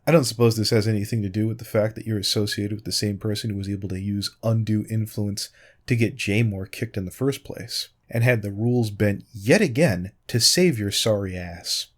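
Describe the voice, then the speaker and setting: Lowish voiced guy doing a snarky rebuttal, calls the other guy out point by point. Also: brisk. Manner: sarcastic, pointed, repeatedly addressing his target by name. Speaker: YouTube commentator responding to a critic. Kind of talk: sarcastic rebuttal commentary.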